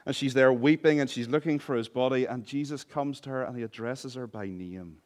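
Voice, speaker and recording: Man, pastor, preaching a sermon, impassioned, drops quiet then builds loud, mid-pitched voice. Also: brisk. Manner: humorous asides.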